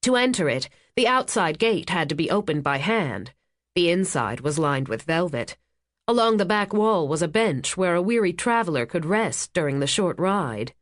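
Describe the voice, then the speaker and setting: A woman narrating a thriller audiobook in an even, steady storytelling manner. Her voice sits fairly low, and the close studio recording is completely dry. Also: moderate pace, dry recording.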